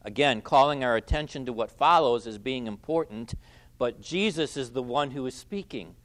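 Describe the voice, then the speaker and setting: A man preaching an expository sermon, who stresses key phrases loudly, repeats them and lets his phrase endings drop quiet. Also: medium pitch, expressive, normal speed. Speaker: pastor.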